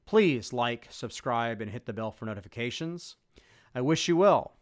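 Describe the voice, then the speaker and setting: Smooth-voiced man reading a channel introduction. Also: medium pitch, expressive. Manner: measured, earnest, reads from a script. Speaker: YouTube channel host.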